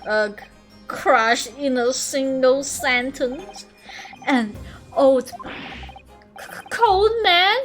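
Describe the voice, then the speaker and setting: A young woman streaming a game, reading lines aloud and reacting with excited squeals and swearing. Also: high voice, extremely slow, faint music behind.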